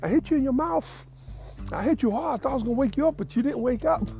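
A man imitating his wife, a sheepish, teasing woman, in a high squeaky put-on voice. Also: expressive, fast, vocal fry, dark tone, faint music behind.

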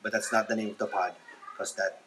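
Washing dishes in his kitchen, an adult father hosts a casual solo podcast, hesitant and self-conscious, with many ums and restarts. His voice is fairly low and flat, and he talks a little fast. The recording is very noisy.

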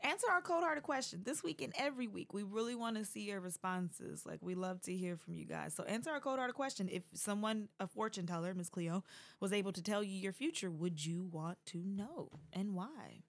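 A woman's voice: mid-range voice, animated, fairly quick, vocal fry. A woman hosting a true-crime podcast in casual chat, playful and giggly, hyping the next episode. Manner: playful, giggly, hypes the outro. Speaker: podcast host.

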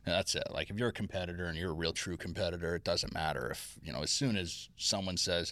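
A man who coaches pitching, telling stories in a casual podcast chat, self-deprecating and reflective. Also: fast talker, fairly bright tone, no room sound.

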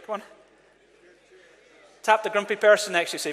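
Male pastor, lively sermon delivery, slightly high voice, church hall with long reverb. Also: quick pace, long pauses. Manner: energetic, calls on the congregation to respond.

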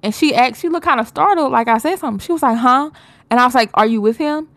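A woman's voice: sits high, expressive, very fast, a bit bright, dry recording. A woman co-hosting a podcast in casual chat, telling a story with lots of swearing and acting out the people in it. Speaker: podcast co-host.

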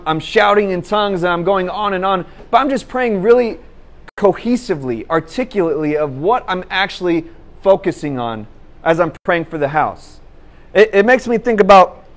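A young man preaching a conversational sermon, telling a personal story with lots of laughter and restarts. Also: high-pitched. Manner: animated, laughs at his own story, many restarts.

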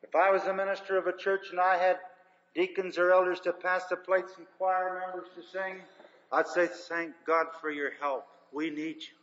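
A man's voice: high voice, little pitch movement, moderate pace, a bit bright. An older man preaching a sermon, telling folksy stories with emphasis. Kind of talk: sermon storytelling. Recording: dull lo-fi recording in a reverberant hall.

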